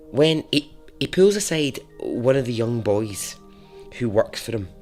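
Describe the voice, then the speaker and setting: A man's voice: medium pitch, lively intonation, takes it slowly, a little mellow, soft background music. A man hosting a podcast, telling a story casually with chatty, laughing asides and rambling tangents.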